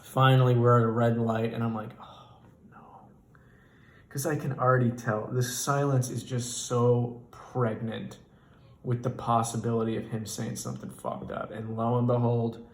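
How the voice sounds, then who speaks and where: Male comedian, stand-up storytelling; profane, animated, exasperated, in a roomy echoey space. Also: mid-range voice, moderate pace.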